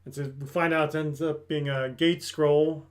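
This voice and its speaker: A man with a slightly higher voice gives a relaxed, chatty recap of an anime episode. He tells the story with energy and now and then slips into the characters' lines, acting out their reactions. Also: normal speed. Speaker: anime review host.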